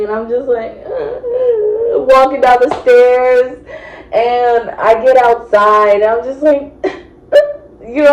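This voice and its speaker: A young woman vlogger telling a casual storytime, acting out each quote with sudden jumps in pitch. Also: echoey room, a little hiss or hum, rough recording.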